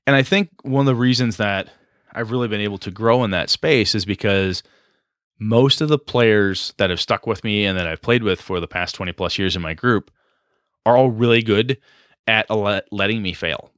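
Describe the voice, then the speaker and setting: This podcast co-host and game master talks at a moderate pace in a lowish, fairly bright voice, drifting through a long, self-deprecating, casual chat about running tabletop games. The studio-quality audio has no echo.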